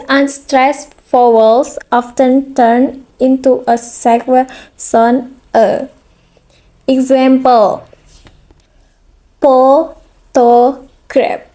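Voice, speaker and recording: A woman student presenting a phonology lesson, reading haltingly with fillers and drawn-out examples. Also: high-pitched, mellow. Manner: very slow, hesitant reading with fillers and restarts.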